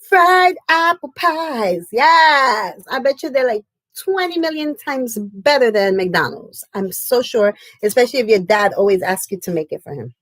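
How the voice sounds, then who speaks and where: Chatty high-voiced woman, dry close sound. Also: lively intonation, moderate pace, few pauses, no echo, low-quality recording. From United States. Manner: chatty and effusive, often laughing. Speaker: crafting livestream host. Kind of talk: casual live-stream chat.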